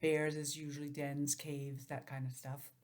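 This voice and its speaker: Gentle woman teacher reading a story. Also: deep voice, flat delivery, unhurried. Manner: gentle, explaining and asking questions. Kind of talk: reading a picture book aloud to young children.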